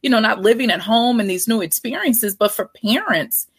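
A woman's voice: fairly high pitch, lively intonation, moderate pace, breathy edge, dry recording. A woman in her forties, a guest author and parent, talking candidly in a casual interview. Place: Texas.

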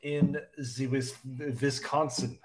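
A man doing a mock foreign accent with halting, broken grammar as a joke in a casual podcast chat. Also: mid-range voice, level tone, crowd noise, natural voice. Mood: playful.

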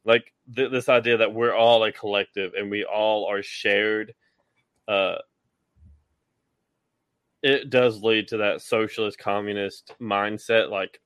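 A man's voice: lowish voice, fairly even intonation, slow, pauses often, fairly bright tone, clear, resonant tone, no echo. A man co-hosting a casual podcast chat, talking in a sarcastic, mocking way. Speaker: podcast co-host.

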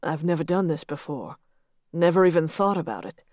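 A woman's voice: sits low, animated, fairly quick, a little mellow, dry recording, clean studio sound. A woman reading the part of a hesitant man, uneasy and unsure in an audiobook scene. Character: hesitant man, narrator's younger self.

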